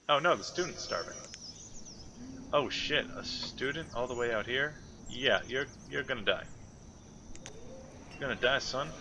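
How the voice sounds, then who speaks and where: A man's voice: mid-range voice, moderate pace, background noise. A man giving casual, thinking-aloud commentary while playing a city-building game. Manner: muttering to himself, thinking aloud. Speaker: gameplay commentator.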